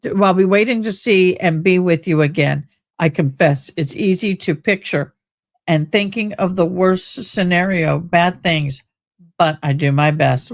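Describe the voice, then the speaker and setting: A woman hosts a live stream, reading letters and recapping events in casual commentary. Her pace is very slow, her voice sits on the low side, and she talks in a loose, chatty way with drawn-out exclamations.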